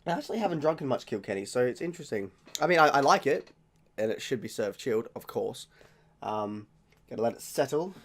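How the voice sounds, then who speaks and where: A man's voice: medium pitch, animated, a little fast. A young Australian man hosting his channel, talking casually and rambling, often correcting himself as he tastes beers. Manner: rambling, chatty, self-correcting. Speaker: channel host. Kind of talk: casual beer tasting vlog.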